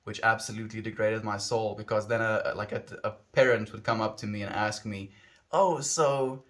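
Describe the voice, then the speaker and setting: A man's voice: on the low side, level tone, fairly quick, fairly bright tone. A man from South Africa with a South African accent, chatting casually with his stream viewers in a rambling, reflective way that often corrects itself mid-sentence. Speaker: livestreamer.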